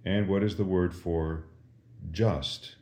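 Very deep, slow-spoken priest teaching Latin. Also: male voice, fairly even intonation, warm tone. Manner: patient, deliberate, pauses for the listener to answer. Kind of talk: slow catechism lesson with call and response. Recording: roomy echo.

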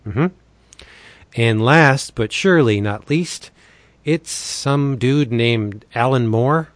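A man hosting a casual podcast reads comic deals in a playful pitchman manner. His voice sits in an ordinary middle pitch. He is recorded close on a dry mic with no room sound. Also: slow, no echo. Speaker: podcast host.

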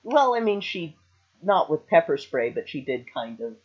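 A woman with a husky, breathy voice chats as a podcast co-host. Her pitch moves a lot, and she is wry and supportive. The sound is slightly dull. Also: big pitch swings, normal speed, a little mellow. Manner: supportive, wry, laughing along. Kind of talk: casual chat reviewing a film.

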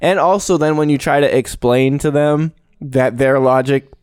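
A man's voice: medium pitch, fairly even intonation, moderate pace, a little mellow, clean tone, no echo, clean studio sound. A man telling laid-back stories in casual podcast chat, laughing easily. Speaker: podcast co-host.

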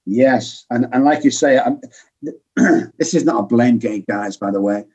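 A man's voice: medium pitch, unhurried, darkish tone, breathy edge, muffled recording. A man, a guest in an interview, explaining alcohol recovery earnestly and acting out quoted voices. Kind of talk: conversational interview.

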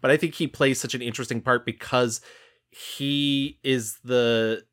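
A man's voice: medium pitch, fairly even intonation, measured pace, fairly bright tone. A man co-hosting a film podcast, chatting casually, laughing often and swearing now and then. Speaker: podcast co-host.

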